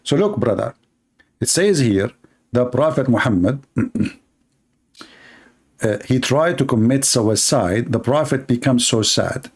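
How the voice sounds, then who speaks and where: A man's voice: medium pitch, lively intonation, measured pace, pauses often, breathy edge. Mocking man with an Arabic accent. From Middle East. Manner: mocking, sarcastic. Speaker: online debate host. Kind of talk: live debate.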